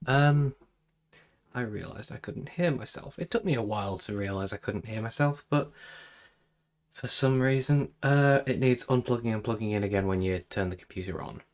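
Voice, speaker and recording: A man's voice: fairly low pitch, moderate pace. A man chatting casually while drawing on a live stream, rambling through self-deprecating asides about tech trouble into a desk microphone in a small home room. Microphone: desk microphone plugged into computer.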